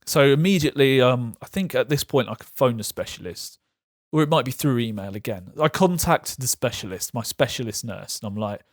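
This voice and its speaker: A man talking frankly to camera about his own experience, halting and self-correcting, with light laughs. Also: mid-range voice, animated, dry recording, studio quality. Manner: frank, halting, laughs through hard topics. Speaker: vlogger sharing patient experience. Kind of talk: candid personal talk to camera.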